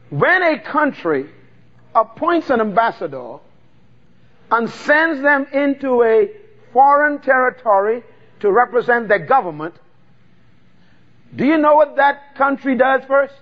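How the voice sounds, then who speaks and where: A man's voice: very high-pitched, highs cut off. A man preaching a sermon, drawing out key words and calling for the congregation to repeat after him. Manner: call-and-response preaching, drawn-out emphatic words. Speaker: pastor.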